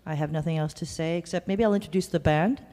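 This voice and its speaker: A woman's voice: sits low, fast talker, dark tone, big-room sound. A woman from Canada, a jazz singer, bantering playfully between songs with self-mocking asides. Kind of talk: stage banter. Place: jazz club stage. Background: live band instruments.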